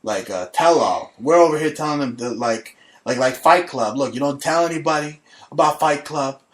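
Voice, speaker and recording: A man's voice: on the high side, moderate pace. A man hosting his own talk show, chatting casually in a brash, crude and mocking way. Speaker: radio show host. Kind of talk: casual crude comedy chat.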